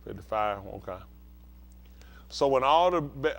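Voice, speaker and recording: This pastor's mid-range voice is expressive, creaky and a little slow, with long pauses. He teaches scripture through call-and-response, repeatedly asking whether his listeners are following.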